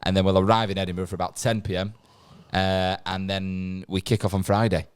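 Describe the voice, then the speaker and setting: A man's voice: low voice, flat delivery, fairly quick, clean tone, no room sound, clean studio sound. A man from England co-hosting a podcast, chatting casually and giving playful, teasing clues. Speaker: podcast co-host.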